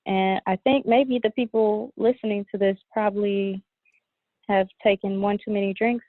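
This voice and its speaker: A woman calling in as a podcast guest, talking casually in an easygoing, halting way with many fillers. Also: mid-range voice, steady tone, no echo. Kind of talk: casual chat. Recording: tinny phone-line call.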